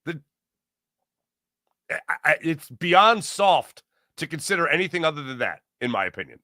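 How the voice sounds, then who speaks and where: A man hosting a live sports stream, chatting casually, reading viewer comments aloud and doing quick ad reads. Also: on the high side, very animated, pushed and bright, no echo, studio quality. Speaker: sports show host.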